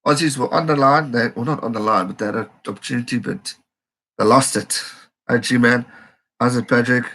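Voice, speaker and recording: Gravelly excitable man hosting a live stream. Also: mid-range voice, a little fast. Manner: excitable, reads viewer comments aloud. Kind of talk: live match reaction stream.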